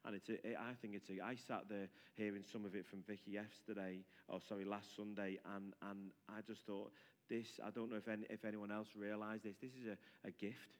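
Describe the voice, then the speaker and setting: Halting man leading a church service. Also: on the low side, little pitch movement. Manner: halting, restarts often. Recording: long hall reverb.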